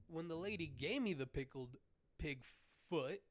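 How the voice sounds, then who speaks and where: Animated, foul-mouthed man telling a story. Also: a little high, unhurried, no echo. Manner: animated, heavy cursing, lots of restarts. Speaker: podcast host. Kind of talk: casual solo storytelling.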